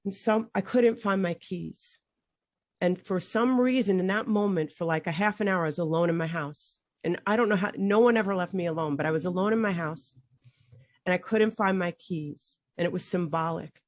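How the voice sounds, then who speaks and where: A woman's voice: fairly low pitch, normal speed, no echo, studio quality. Rambling, heartfelt middle-aged woman host. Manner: rambling, breaks off mid-sentence, voice rises sharply when reliving panic. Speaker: podcast host. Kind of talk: emotional conversational storytelling.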